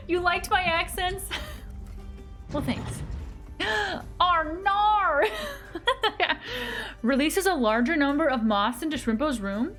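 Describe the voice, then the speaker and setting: A woman's voice: very high voice, expressive, slow pace, long pauses, a bit bright, soft background music. A woman streaming a game, chatting casually with her viewers in a bubbly, giggly manner. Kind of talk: casual live-stream chat while gaming.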